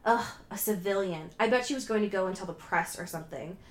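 Give me a woman playing a disdainful male superhero, read softly. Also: medium pitch, quick pace, echoey room, natural voice. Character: sneering male superhero, snobbish.

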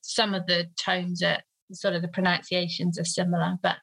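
A woman's voice: lowish voice, little pitch movement, normal speed, creaky, a bit bright, rough recording. A woman in her thirties, a guest in an interview, talking hesitantly with many fillers. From United Kingdom. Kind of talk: conversational interview.

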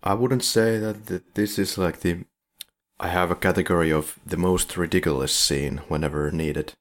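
A man's voice: low-pitched, steady tone, normal speed. A man co-hosting a film podcast in casual chat, wry and leading the questions. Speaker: podcast co-host.

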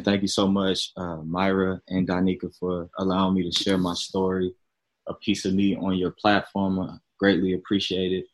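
A young man from Chicago, a podcast guest, telling his story in a relaxed, chatty, self-deprecating way. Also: low voice, moderate pace, low-quality recording. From Chicago, Illinois. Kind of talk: casual interview storytelling.

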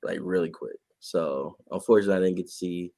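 A man co-hosting a podcast and reporting on sports, talking in a casual, animated way and laughing often. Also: low-pitched, fast, dry recording. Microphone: podcast mic.

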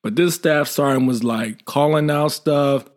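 A middle-aged military veteran tells a story in a casual, blunt, informal manner, livening it up by acting out the dialogue. His voice is fairly high and his pace measured.

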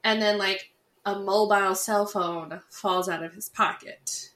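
A woman co-hosting a podcast, talking through a movie plot in a relaxed, conversational way. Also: mid-range voice, measured pace. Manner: relaxed, conversational, frequent "like" fillers. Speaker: podcast co-host. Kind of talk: casual movie recap chat.

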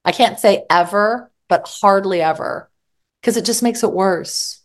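A middle-aged woman therapist giving candid, mildly profane relationship advice in conversation, often acting out both sides of an argument. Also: on the high side. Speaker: psychologist and therapist guest.

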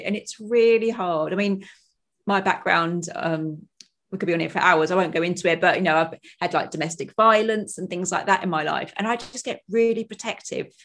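A woman in her forties, a podcast guest and author, talking quickly and casually, acting out quotes in a higher voice and laughing often. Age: 40s. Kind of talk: casual conversation.

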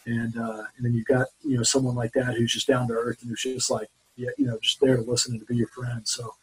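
Man, 40s, husky rough voice, casual storytelling, chatty restarts. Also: mid-range voice, fast talker, rough recording. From Mobile, Alabama, US. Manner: rambling, animated anecdotes with many restarts. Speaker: guest, former Marine and business founder.

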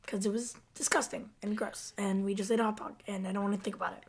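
A woman's voice: medium pitch, little pitch movement, quick pace, husky. A woman in casual chat about a TV episode, chatty, agreeable and giggly. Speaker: podcast co-host.

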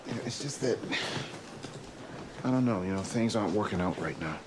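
A man's voice: on the low side, lively intonation, lightly acted. Actor playing a defensive young-father doctor. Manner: halting, apologetic then defiant. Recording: TV drama clip with background noise.

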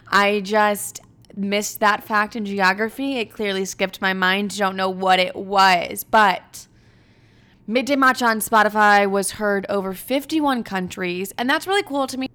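A woman's voice: mid-range voice, measured pace, fairly bright tone. A young woman in her twenties hosting a podcast, chatting casually and candidly, full of "like" fillers and swearing. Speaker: podcast host. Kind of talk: casual solo chat.

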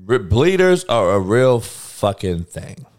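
A man's voice: on the low side, very animated, slow, a little mellow. A man ranting bluntly and profanely in casual talk, laughing between heated points.

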